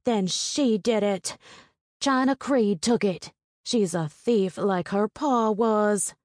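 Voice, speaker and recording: A woman voicing a spoiled, spiteful schoolgirl who talks in a shrill, accusing way. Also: slow, a little mellow, dry recording, studio quality, natural voice.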